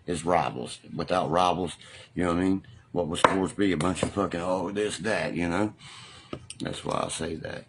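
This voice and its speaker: A man's voice: sits low, a little hiss or hum. A middle-aged man, rambling and swearing in casual live-stream chat, full of fillers. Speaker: livestreamer.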